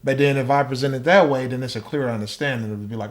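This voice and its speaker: A man's voice: medium pitch, quick pace. A man as a podcast guest, talking thoughtfully in casual chat and acting out small exchanges. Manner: thoughtful, acts out little dialogues.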